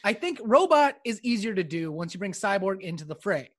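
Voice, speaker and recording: A man's voice: high voice, sing-song, brisk, fairly bright tone. A young man from the American Midwest, co-hosting a podcast in goofy, profane casual banter. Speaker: podcast co-host.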